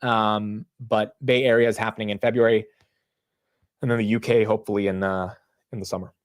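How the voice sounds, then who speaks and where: A young man hosting a casual live stock market stream, chatting with viewers and reacting excitedly to price moves. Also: lowish voice, brisk. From United States. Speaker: livestream market host.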